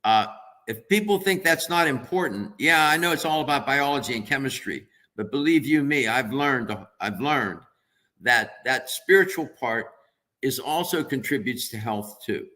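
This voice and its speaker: Bright-voiced male nutritionist guest. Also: mid-range voice, expressive, moderate pace. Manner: earnest, emphatic, thinks aloud. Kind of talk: radio interview answer.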